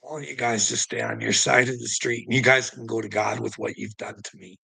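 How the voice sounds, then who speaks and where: Gravelly, husky-voiced man preaching at his chat. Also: medium pitch, steady tone, fairly quick, sharp tone, dry recording, poor audio. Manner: profane, preachy, rambling, chuckles often. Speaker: livestreamer talking to chat. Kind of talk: rambling livestream monologue.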